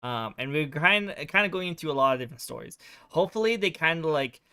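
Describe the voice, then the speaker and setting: A man's voice: on the high side, animated, fast, pushed and bright, smooth, dry recording, studio quality. A male streamer casually recapping a game's story, rambling with lots of fillers. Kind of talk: casual game recap chat.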